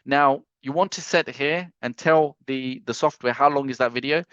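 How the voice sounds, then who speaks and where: A man hosting a live software training webinar over a video call, reading chat comments aloud, teasing and joking between walkthrough steps. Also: medium pitch, normal speed, clean tone, no room sound. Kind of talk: casual live screen-share tutorial. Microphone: computer mic on a video call. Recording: dry, slightly dull video-call audio.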